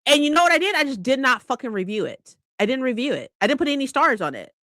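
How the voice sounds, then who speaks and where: A woman vlogger on a heated, swear-filled rant, her high voice leaping up and down with energy. Her tone is bright and cutting. The sound is close and dry, with no room around it. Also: quick pace, dry recording. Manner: heated, profane, animated rant. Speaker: book vlogger. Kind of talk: ranting casual vlog.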